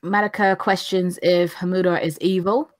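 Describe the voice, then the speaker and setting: A woman, recapping anime episodes in casual chat, chatty and quick to laugh. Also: fairly low pitch, fairly even intonation. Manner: chatty, laughs often, acts out lines in funny voices. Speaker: podcast co-host recapping anime.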